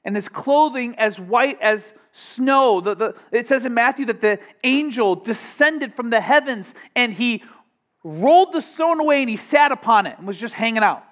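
A man preaching a sermon as pastor, animated and conversational, with asides and acted-out quotes. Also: very high-pitched, moderate pace.

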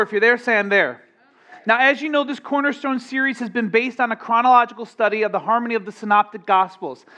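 A man preaching a sermon in a very high voice, lively and emphatic, with playful asides to the congregation. The recording sounds dull and lo-fi. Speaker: pastor.

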